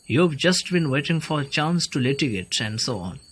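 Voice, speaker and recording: Casting: man voicing patronizing older landowner, blustery, medium pitch. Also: big pitch swings, moderate pace, a bit bright, slight background noise, poor audio. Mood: blustering. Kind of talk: play read aloud.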